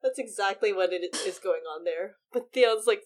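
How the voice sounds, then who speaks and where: A woman's voice: medium pitch, normal speed. A woman in casual podcast conversation, talking about a book and acting out lines with lots of energy. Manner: animated, acts out quotes in big voices. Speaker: podcast co-host.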